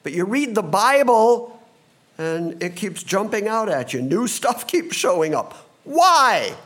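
A man with a fairly high voice preaching a sermon as a pastor. His pitch swings widely as he preaches, and he sometimes acts out confused voices from the passage. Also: unhurried. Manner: animated preaching, acting out disciples' confused voices.

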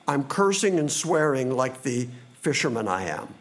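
A man preaching a sermon, reading scripture slowly and dramatically, then speeding up for asides. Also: medium pitch, very animated. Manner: slow and dramatic, quickening in asides.

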